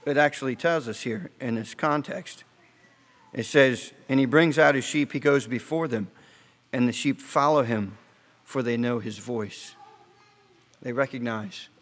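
A man's voice: mid-range voice, a bit bright. Man preaching in a reverberant hall. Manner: conversational storytelling with rhetorical questions; halting restarts, slows for emphasis. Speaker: pastor. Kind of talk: sermon.

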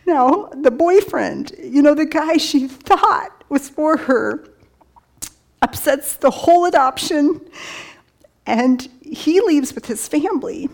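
A woman giving a personal testimony talk. She tells the story conversationally with many fillers, quoted dialogue, soft laughs and hushed whispers. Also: sits high, lively intonation, slow pace, gravelly. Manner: many fillers like "you know" and "like".

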